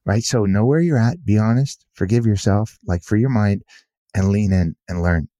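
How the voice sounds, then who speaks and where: Earnest man with a mellow low voice. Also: normal speed, no echo, studio quality. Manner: earnest, repeats himself, says "you know" often. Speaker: guest author. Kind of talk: casual conversational storytelling.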